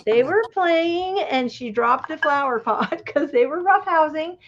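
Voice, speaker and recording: A woman's voice: sits high, animated, a little slow, a bit bright. A woman co-hosting a casual craft livestream, talking in a rambling, storytelling way. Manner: chatty, rambling storyteller with laughs. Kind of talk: casual chat. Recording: dull lo-fi livestream audio.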